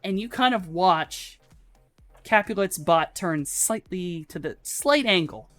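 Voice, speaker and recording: Unhurried woman narrating as game master. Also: fairly low pitch, animated, a bit bright, faint music behind. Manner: loose and profane, halting with fillers.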